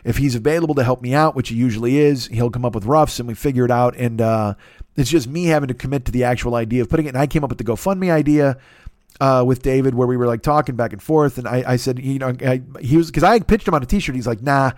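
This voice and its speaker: A man's voice: medium pitch, quick pace, darkish tone, no room sound, studio quality. A middle-aged man hosting a solo podcast, rambling and profane, with self-deprecating asides. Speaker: podcast host.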